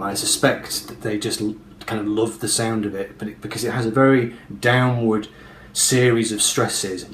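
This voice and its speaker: A man giving a casual, methodical pronunciation lesson to camera, repeating example words with hard emphasis. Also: mid-range voice. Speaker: video creator explaining pronunciation. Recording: echoey room with faint background hum.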